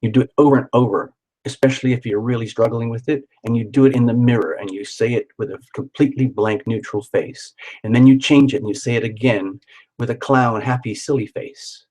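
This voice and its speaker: Husky man giving an encouraging tarot reading. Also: medium pitch, fairly even intonation, fairly quick, a little mellow, poor audio. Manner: encouraging, chatty, repeats words for emphasis. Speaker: tarot reader. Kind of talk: live-streamed tarot reading.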